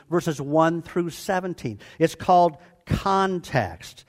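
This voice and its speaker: A man in his sixties preaching a sermon to a congregation, animated and joking with them as he teaches. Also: sits high. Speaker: pastor. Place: church before a live congregation.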